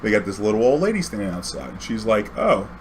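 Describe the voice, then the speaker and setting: A man's voice: lowish voice, sing-song, fast, a little hiss or hum. A man, a cab driver telling a story in a rambling, conversational way, full of restarts and "you know"s. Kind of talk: casual storytelling.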